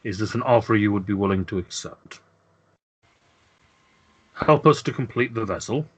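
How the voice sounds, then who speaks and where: A man voicing a stern, aged grandfather dragon lord who speaks slowly and gravely. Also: fairly low pitch, a bit bright. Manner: slow, grave, measured.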